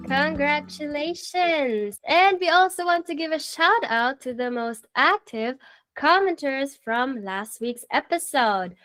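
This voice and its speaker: Woman, radio host, slow and unhurried, higher voice, cheerful, laughs a lot. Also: expressive, fairly bright tone, faint music behind. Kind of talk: live radio talk show.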